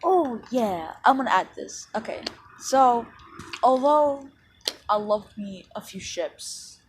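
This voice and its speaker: A woman's voice: on the high side, animated, slow pace, slight background noise. A woman casually retelling a fan story she made up, rambling with lots of fillers and repeats.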